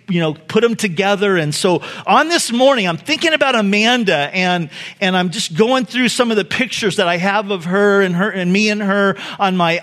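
A man's voice: high-pitched, a bit bright. A middle-aged male pastor preaching a conversational, storytelling sermon to his congregation. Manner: storytelling, conversational with laughs and emphatic retellings. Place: church sanctuary.

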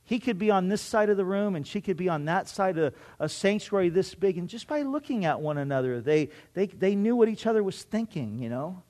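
A middle-aged man preaching a sermon, telling a personal story in an animated way and acting out his own past thoughts with self-mocking humor. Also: high voice, a little fast, few pauses. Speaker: pastor.

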